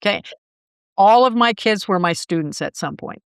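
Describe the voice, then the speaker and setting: An older woman, a former sportscaster, telling lively anecdotes as an interview guest and acting out the voices she quotes. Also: medium pitch, normal speed, creaky, clear, resonant tone, no echo. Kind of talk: casual interview storytelling.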